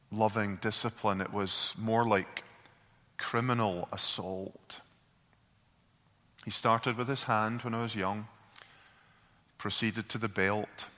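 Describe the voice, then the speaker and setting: A man voicing a grieving father who speaks quietly and haltingly about his past. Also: lowish voice, big-room sound. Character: broken grieving father recalling abuse.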